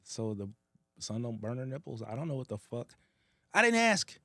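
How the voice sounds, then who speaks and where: Animated, profane man telling a story. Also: medium pitch, moderate pace, no room sound, studio quality. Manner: animated, profane, laughs through his story. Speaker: podcast co-host. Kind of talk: casual bar chat storytelling.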